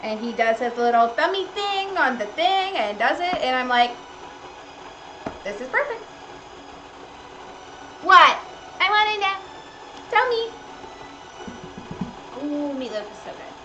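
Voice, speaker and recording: Her voice sits high and sing-song, a little slow and often pausing, as she hosts a cooking livestream and gushes cheerfully to her chat. Faint music plays behind her against a noisy background.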